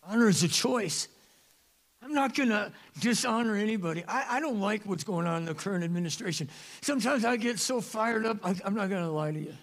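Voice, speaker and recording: Moving at a quick pace, a pastor delivers his sermon in a church sanctuary with a high, gravelly voice. He jokes and stays animated, erupting now and then into loud, emphatic bursts, like at a church service.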